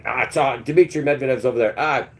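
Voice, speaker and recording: A man hosting a live stream, in a mid-range voice that jumps between high and low. He rambles in a crude, sarcastic rant, circling back and restarting his thoughts. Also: sing-song, normal speed, darkish tone. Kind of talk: ranting live-stream talk.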